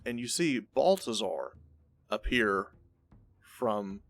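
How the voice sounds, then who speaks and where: A man narrating a tabletop game as game master, with a halting, filler-heavy delivery. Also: lowish voice, fairly bright tone, no room sound.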